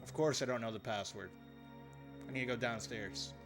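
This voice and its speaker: A man's voice: mid-range voice, moderate pace, music in the background. A man giving live gameplay commentary as a streamer, joking and chatting with his viewers while he plays.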